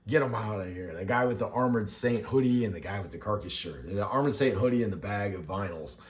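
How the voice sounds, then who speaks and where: A man's voice: lowish voice, fast, close to an everyday voice. A man putting on the voices of smug rock band members who order a couple of fans run off, in a sarcastic, dismissive tone. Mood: sneering.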